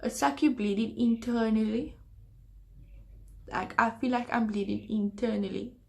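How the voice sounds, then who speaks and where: Speaking to camera for a storytime vlog, this young woman is earnest and hesitant, almost confessional. She has a fairly high, gravelly voice with fairly even intonation and a measured pace.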